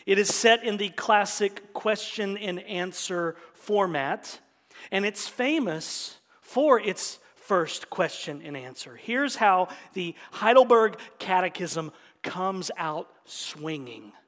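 A male pastor preaching an animated sermon, emphatic, sometimes dropping to a whisper. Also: high voice, slow pace, in a large hall.

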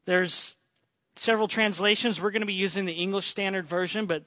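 A man's voice: sits high, a little fast, no room sound. A man preaching a sermon to his church, telling a story in earnest and quoting a friend's words. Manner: earnest storytelling, quoting a friend, shifting between excited and hushed. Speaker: pastor.

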